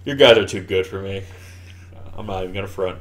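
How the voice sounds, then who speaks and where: A man's voice: low voice, a little fast. Rambling American man in casual chat. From United States. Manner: rambling, animated, swears freely. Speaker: podcast co-host. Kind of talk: casual movie commentary chat.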